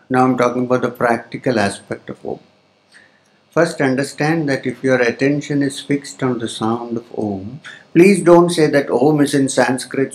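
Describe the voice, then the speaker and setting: Man giving a spiritual discourse in a hall. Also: mid-range voice. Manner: explains slowly, pauses often, chants Sanskrit terms. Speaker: spiritual teacher. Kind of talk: spiritual discourse to a live audience. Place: lecture hall with audience.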